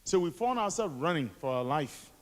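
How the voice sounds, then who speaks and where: Telling his story to students at a school assembly, a Liberian author and activist in his forties poses rhetorical questions to the crowd in a motivational talk. He speaks at normal speed in a fairly high, very animated voice, and the hall echoes.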